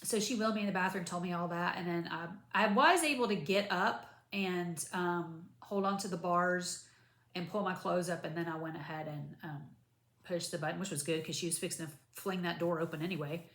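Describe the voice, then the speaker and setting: A woman's voice: on the low side, a little fast, roomy sound. A woman, chatting casually to camera about her recovery after surgery, rambling with lots of asides. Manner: chatty, rambling, animated retelling with many asides. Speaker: vlogger.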